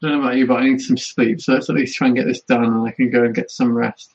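A man's voice: mid-range voice, little pitch movement, very fast, darkish tone. A man playing a tabletop game, chatting through his character's actions step by step. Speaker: player. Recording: dull lo-fi mic.

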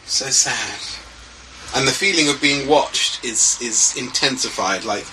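A man's voice: medium pitch, unhurried, bright, forceful tone, distant mic, slight background noise, rough recording. A man acting as game master, narrating a tabletop horror game in a casual way, with lots of fillers.

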